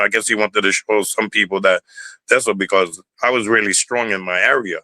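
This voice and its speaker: A man's voice: on the low side, flat delivery, fast talker, pushed and bright, no echo, poor audio. An older man with a New York Puerto Rican accent, telling stories in a rambling interview, repeating words and swearing freely. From Bronx, New York. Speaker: interview guest, former dancer. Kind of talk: casual storytelling interview.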